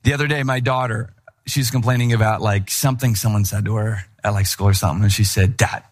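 A middle-aged male pastor preaching a sermon with animated storytelling, acting out voices in his anecdotes. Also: lowish voice, fast talker.

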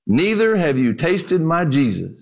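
An elderly country preacher, as a pastor puts him on in a sermon story, plain-spoken and calm. His speech is folksy and unschooled, pitched noticeably higher than the storyteller's own voice. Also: normal speed. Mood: folksy, pointed.

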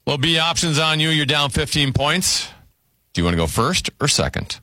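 A man hosting a word game show, briskly announcing scores, clues and whose turn it is. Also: on the high side, big pitch swings, bright, forceful tone, no echo.

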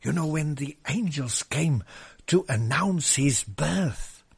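Slow husky preacher with lively swings. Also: male voice, a little high. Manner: slow, emphatic, swings from loud proclaiming to hushed whispers. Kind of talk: sermon.

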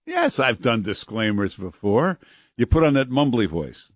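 A man's voice: mid-range voice, big pitch swings, measured pace, husky, no echo, studio quality. A middle-aged male guest host on talk radio who chats casually and fills his speech with "uh". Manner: casual, conversational, many fillers. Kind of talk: talk radio chat and ad reads.

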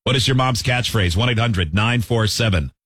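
A man's voice: medium pitch, normal speed, a bit bright, slightly rough, no echo, clean studio sound. A man hosting a chatty radio show, reading out listener texts and laughing often. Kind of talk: casual chat.

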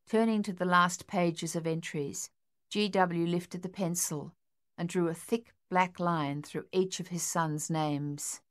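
Steady and measured, a woman with a lowish voice reads an audiobook script as narration.

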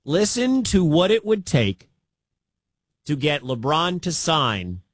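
Male sports radio host, punchy and repetitive, fairly high voice, dry booth sound. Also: very animated, takes it slowly, no echo. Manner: emphatic, repeats key points.

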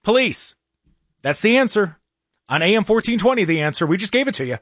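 A man's voice: high-pitched, big pitch swings, brisk, fairly bright tone, no echo, studio quality. A male talk radio host ranting in casual chat, with many restarts.

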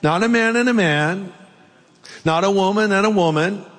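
A man's voice: high voice, moderate pace, a bit bright, big-room sound. A man preaching a sermon as a pastor, playful and joking at times. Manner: playful, jokes and puts on silly accents.

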